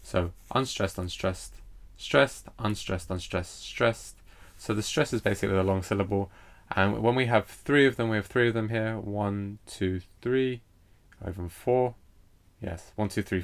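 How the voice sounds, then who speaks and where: A man teaching a recorded poetry lesson, hesitant and full of fillers as he explains meter. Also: lowish voice. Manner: hesitant, lots of fillers and restarts; reads poetry lines aloud slowly with stress.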